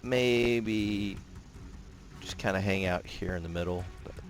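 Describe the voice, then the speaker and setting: A man giving casual commentary while playing a naval combat game, talking in a relaxed, rambling way with many fillers and restarts. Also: fairly low pitch, slow, over music. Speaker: gameplay commentator.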